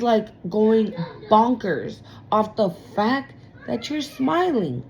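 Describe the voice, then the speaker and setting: A woman's voice: a little high, very animated, slow, a little mellow, slight background noise, rough recording. A woman giving a casual tarot reading. She talks in a blunt, profane, emphatic way and often repeats herself. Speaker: tarot reader.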